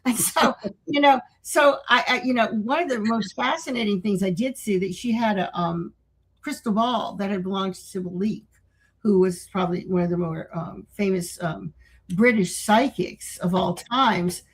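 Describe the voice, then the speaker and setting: A woman's voice: mid-range voice, normal speed, husky, low-quality recording. An older woman, a guest on a talk show, telling stories in a rambling way with many restarts and acted-out quotes. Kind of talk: casual interview storytelling.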